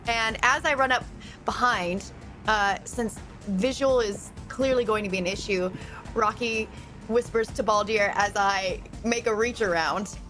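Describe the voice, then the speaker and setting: A woman at a tabletop game session, chatting casually and giggling as she works out her moves. Her voice is mid-pitched. Soft background music plays under the talk. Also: measured pace. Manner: giggly, chatty, thinks aloud with fillers. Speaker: player.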